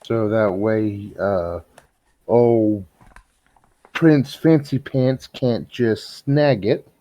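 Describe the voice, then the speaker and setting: A slow, hesitant man in a tabletop game who fills his lines with pauses. His voice is dark and mellow, and the recording sounds dry and dull. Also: lowish voice, dry recording. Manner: slow and hesitant, many fillers. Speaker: player.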